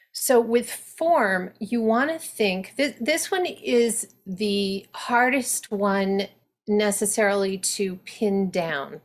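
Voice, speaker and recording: A woman dialect coach talks actors through her methods at a slow, measured pace. She explains in a deliberate way, pausing to think her points through aloud. Her pitch sits in the middle range. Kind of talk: instructional talk for actors.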